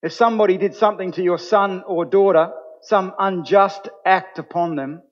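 Man, pastor, earnest sermon, fairly high voice, echoing hall. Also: fairly even intonation, moderate pace. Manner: earnest, rising to emphatic preaching. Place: church. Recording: dull sound with long hall reverb.

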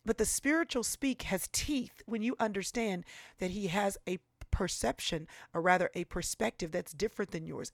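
A woman in her forties, speaking as an author and guest in an interview on faith and prayer, talking in an earnest, animated, preacherly way. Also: lowish voice, dry recording, studio quality. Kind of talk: faith-based conversational interview.

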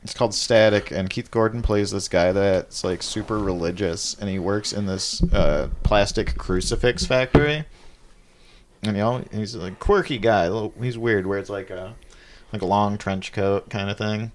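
A man co-hosting a podcast who rambles through stories in relaxed casual chat. His voice sits fairly low, and he pads his speech with filler words as he goes. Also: moderate pace, slight background noise. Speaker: podcast co-host.

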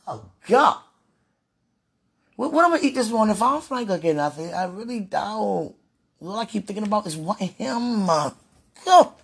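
A woman's voice: mid-range voice, lively intonation, normal speed, vocal fry, long pauses, slightly rough. A woman vlogging in a casual, rambling monologue, sighing and repeating herself as she pleads aloud to God.

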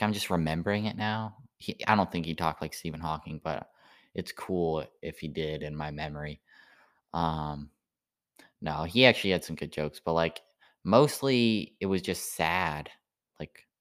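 A sleepy man rambling through a halting stand-up style monologue full of "like" fillers. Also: deep voice, fairly bright tone.

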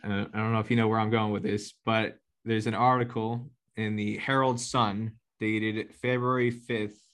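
A man's voice: lowish voice, little pitch movement, normal speed, fairly bright tone. A man hosting an interview, asking questions in a playful, teasing way and reading a press clipping aloud. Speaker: interviewer host. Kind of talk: conversational interview.

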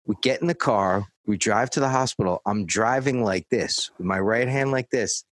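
Low-voiced man telling a profane story. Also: moderate pace, no echo, poor audio. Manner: profane, dry, acts out quoted voices. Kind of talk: casual anecdote.

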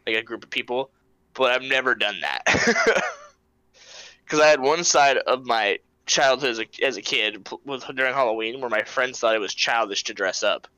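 A man's voice: mid-range voice, moderate pace, pushed and bright, no echo, poor audio. A young man hosting a podcast, chatting casually, laid-back, swearing and laughing often. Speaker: podcast host. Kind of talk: casual chat.

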